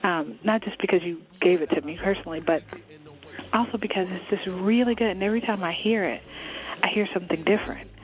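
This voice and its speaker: A woman's voice: medium pitch, fairly quick, poor audio. A woman hosting a radio interview, talking in a chatty, candid way with frequent restarts. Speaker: radio host.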